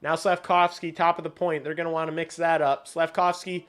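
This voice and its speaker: Excitable man calling hockey live. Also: a little high, brisk, hardly any pauses. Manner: excitable, shouts on big plays, swears casually. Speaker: streamer giving play-by-play. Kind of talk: live watch-along hockey commentary.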